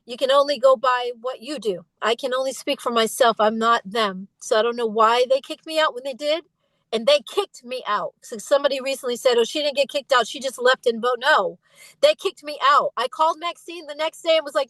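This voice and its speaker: Woman, middle-aged, high voice, candid interview guest, emphatic storytelling, dry close sound. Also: brisk, a bit bright, no echo, poor audio. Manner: emphatic, impassioned, imitates voices when retelling.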